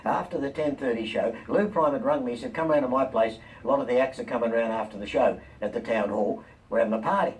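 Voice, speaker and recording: An older man, a comedian and talk-show guest, telling lively anecdotes and voicing the people in them. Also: medium pitch, fast talker, hardly any pauses. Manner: lively, quotes people in animated voices. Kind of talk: anecdotal storytelling. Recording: distant mic, faint room noise.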